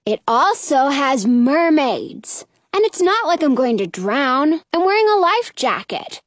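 A woman's voice: unhurried, no room sound. A woman reading aloud voices a bold, teasing young boy who dares his older sister. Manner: taunting, high and lively.

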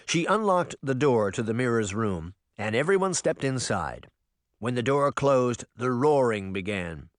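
Expressive male audiobook narrator. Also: medium pitch, measured pace, dry recording, clean studio sound. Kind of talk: scripted storybook narration.

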